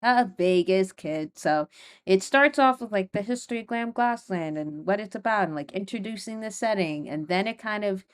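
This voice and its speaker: A woman's voice: mid-range voice, expressive, brisk. A young woman hosting her own podcast, talking casually and rambling, with many fillers and frequent nervous laughs. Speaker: podcast host. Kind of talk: casual solo podcast talk.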